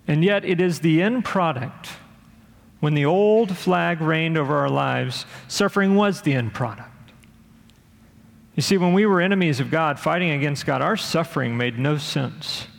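A man preaching a sermon in a slightly high, gravelly voice. His delivery is earnest, and he sometimes acts out the voices of people he quotes. A long reverb from a large hall trails behind his words. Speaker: pastor.

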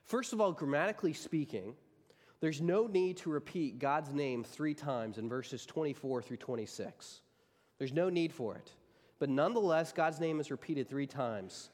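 A male pastor delivering a sermon with a somewhat high voice. He speaks emphatically and hammers points home through repetition. His voice rings out with a long hall reverb. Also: expressive, moderate pace, a little mellow. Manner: emphatic, repeats key phrases for stress.

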